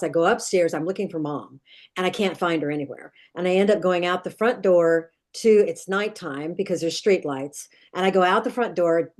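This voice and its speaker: A woman's voice: fairly low pitch, a little mellow. A middle-aged woman, a dream expert guest, earnestly retelling a childhood nightmare in vivid detail, with many restarts. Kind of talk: storytelling in an interview.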